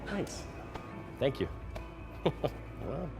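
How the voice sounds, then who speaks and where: A man's voice: fairly high pitch, big pitch swings, drawn-out words, gravelly, music in the background. A man acting in a comedy sketch, talking in a sheepish, awkward way. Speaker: sketch actor.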